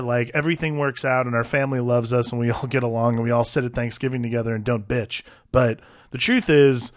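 A man co-hosting a podcast, chatting casually and profanely about movies in a rambling, animated way. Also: mid-range voice, dry recording, clean studio sound. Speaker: podcast co-host. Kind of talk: casual film discussion.

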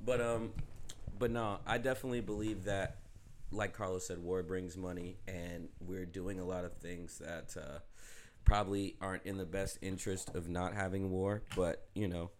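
Low-voiced, rambling slangy man. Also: level tone, normal speed, a little hiss or hum. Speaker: podcast co-host. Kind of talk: casual chat.

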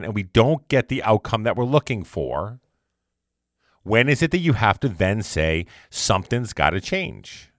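A man with a medium-pitched voice talks through a casual, conversational motivational monologue, wandering and repeating himself. The studio-quality recording has no room sound.

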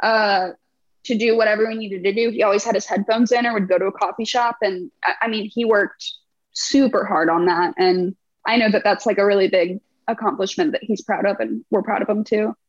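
A woman's voice: mid-range voice, fairly even intonation, brisk, no room sound. A young woman, a band's lead singer, chatting casually in an interview and telling stories with a laugh. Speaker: band frontwoman. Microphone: video call. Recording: muffled video call audio.

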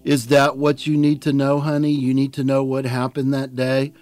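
A man's voice: mid-range voice, completely flat delivery, moderate pace, darkish tone, soft background music, lightly acted. A man voicing a worried, affectionate middle-aged foster mother on the phone, with a fussy, doting manner. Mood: fussing mother. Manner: fussy, affectionate, calls him honey.

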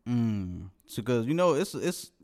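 A man's voice: medium pitch, sing-song, a little slow, darkish tone. A man hosting a podcast, casual banter in loose slang, laughing often. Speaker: podcast host.

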